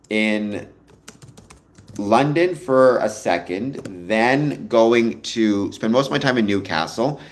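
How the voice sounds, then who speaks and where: A low-pitched man hosts a live stream. He chats loosely with his viewers, answers their comments and wanders off into stories of his own. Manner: chatty, rambling, digresses into personal stories. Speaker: livestream host.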